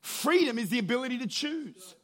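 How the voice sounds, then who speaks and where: A man preaching from the pulpit, his voice set high for a man. He tells stories with energy, rises into shouted calls, then sinks low and hushed. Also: animated, fairly quick. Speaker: pastor. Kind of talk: sermon.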